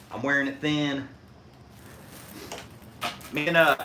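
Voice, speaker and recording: A man's voice: mid-range voice, bright, forceful tone, a little hiss or hum. A middle-aged man with a Hoosier accent from Indiana, chatting casually on his live stream while he works, folksy and rambling with frequent chuckles. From Indiana, USA.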